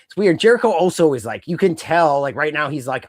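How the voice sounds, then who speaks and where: A man co-hosting a podcast chats casually in a voice pitched a little above the usual. He tells stories in an animated way and briefly takes on other people's voices. The sound is close and dry, with no room echo. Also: fairly quick. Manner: animated, acts out voices of others mid-story. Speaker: podcast co-host. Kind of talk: casual chat.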